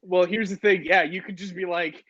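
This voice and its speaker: A young man bantering on a casual podcast with friends. His voice sits slightly high, and he drops in jokes and deadpan asides. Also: moderate pace, muffled recording. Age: young adult. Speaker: podcast co-host. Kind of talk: casual chat.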